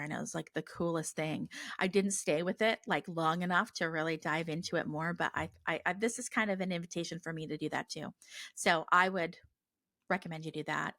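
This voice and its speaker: A woman in her thirties answers listener questions on her podcast in a lowish voice. She rambles earnestly, with fillers and restarts, into a close mic in a dry, dead room. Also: fairly bright tone, dry recording. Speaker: podcast host. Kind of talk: casual listener Q&A.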